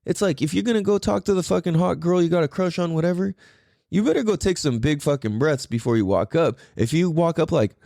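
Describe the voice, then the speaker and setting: Lively, swearing male podcast host. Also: on the high side, fairly quick, creaky, dry recording, studio quality. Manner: animated, profane, rambling. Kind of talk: casual podcast monologue.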